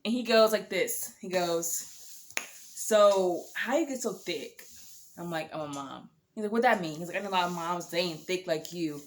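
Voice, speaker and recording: A woman with a slightly low-pitched voice tells a story casually to camera. She is blunt, exasperated and freely profane, slipping into quoted remarks as she rambles on. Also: moderate pace, slight background noise. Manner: candid, blunt and profane, quoting others in asides. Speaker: storytime vlogger.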